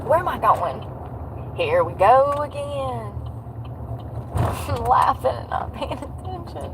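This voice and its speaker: A woman's voice: high-pitched, big pitch swings, slow pace, poor audio. A middle-aged woman, chatting and laughing often on a livestream from her car. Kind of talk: casual chat while driving. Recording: car and road noise behind.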